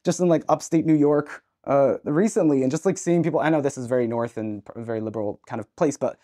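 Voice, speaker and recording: A young adult with a Canadian accent talks at a rapid clip. The delivery is emphatic and candid, with casual swearing, in a relaxed podcast conversation. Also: mid-range voice. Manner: fast, emphatic, swears freely. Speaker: podcast guest.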